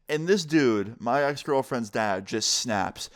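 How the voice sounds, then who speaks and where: A man's voice: medium pitch, expressive, a little slow, hardly any pauses. Young man in his twenties, casual storytelling vlogger, loose and profane. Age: 20s. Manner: casual, swearing, conversational. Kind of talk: storytime vlog.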